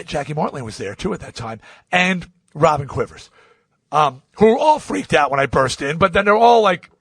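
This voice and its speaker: A man from Long Island spins a rambling podcast anecdote in a fairly high voice that leaps up and down. He acts out every person in the story as he goes. The sound is close and dry, with no room behind it. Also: dry recording. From Long Island, New York. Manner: acts out quoted voices with swings in pitch and loudness; rambling, with many restarts and asides. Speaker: podcast host.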